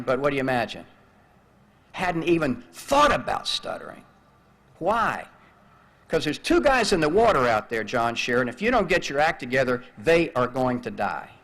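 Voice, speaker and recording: An older man stands at a graduation and tells a personal story, his voice sitting a little high for a man. He tells it in an animated way and acts out the radio calls he heard, like a seasoned speaker holding an outdoor crowd. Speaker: commencement speaker. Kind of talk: storytelling speech.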